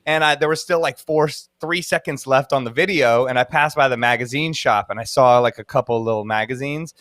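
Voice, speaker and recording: A man's voice: medium pitch, fairly quick, fairly bright tone, no echo. Dj dude in his 30s rambling thru a story, laughs a lot, dry close sound. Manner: rambling, laughs often, many fillers. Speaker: guest DJ. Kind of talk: casual storytelling.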